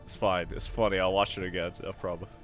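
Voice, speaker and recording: A man's voice: sits low, steady tone, fast talker, fairly bright tone, faint music behind. A man from the United Kingdom giving casual, chatty gameplay commentary, easily amused and laughing often. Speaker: gaming video host.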